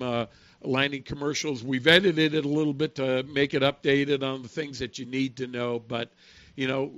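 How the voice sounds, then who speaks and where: A man's voice: medium pitch, a bit bright, no echo, dull audio. A man hosting a talk radio show, chatting in an easygoing conversational way with the odd filler.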